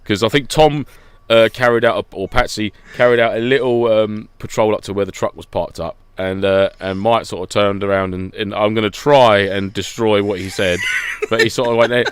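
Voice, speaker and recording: A man co-hosting a podcast, an animated storyteller who laughs often and acts out what people said. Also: fairly low pitch, normal speed, few pauses, smooth, no echo. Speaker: podcast co-host. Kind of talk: casual podcast chat.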